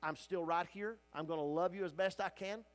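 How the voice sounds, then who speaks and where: High-voiced impassioned pastor in a church. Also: male voice, brisk. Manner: impassioned, swinging from loud cries to hushed, tender delivery. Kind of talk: teaching sermon at a Bible study. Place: church sanctuary.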